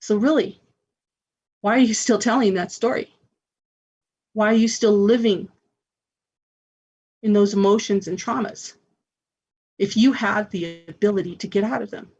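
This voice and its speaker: Husky-voiced woman hosting a radio show. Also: medium pitch, measured pace, long pauses, darkish tone, muffled recording. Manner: earnest and encouraging. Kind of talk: spiritual self-help talk.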